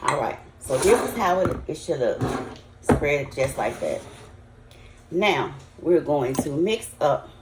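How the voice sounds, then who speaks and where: Low-pitched and slow, this older woman's voice swings widely in pitch over a very noisy background. She's a Southern US home cook chatting in a folksy, casual way to her vlog viewers while cooking in a roomy, echoey kitchen.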